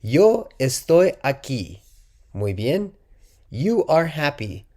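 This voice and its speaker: A man's voice: on the high side, sing-song, warm tone. Upbeat man teaching a casual language lesson. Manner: encouraging, says "muy bien" and "awesome" after each example; reads example sentences slowly and carefully. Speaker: Spanish teacher.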